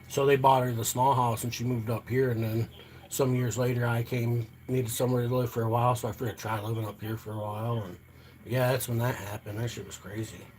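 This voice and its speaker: A middle-aged man with a mid-pitched voice rambles through a story for his live stream, swearing freely and tossing in "you know what I mean" again and again. His talk is loose and unpolished, with faint noise in the background.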